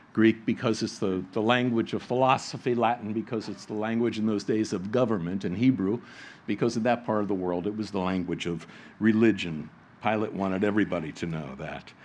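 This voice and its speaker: A man preaching a sermon, reading scripture and explaining it, dropping low and soft for quoted words and rising for emphasis. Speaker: pastor.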